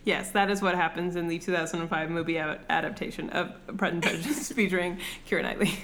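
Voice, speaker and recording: A young adult woman hosting a comedy podcast, retelling a classic story in an irreverent, swearing way with deadpan asides. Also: on the low side, quick pace. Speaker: podcast host.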